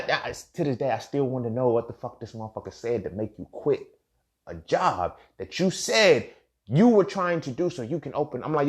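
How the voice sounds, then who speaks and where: A man hosting a podcast, telling a story in a casual, profane, animated way that rises to near-shouting when he gets worked up. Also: mid-range voice, moderate pace. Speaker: podcast host.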